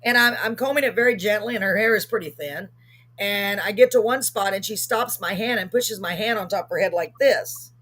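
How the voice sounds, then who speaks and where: Husky woman hosting a live show. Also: mid-range voice, a little fast, a bit bright. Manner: rambling, full of ums and self-corrections. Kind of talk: casual storytelling.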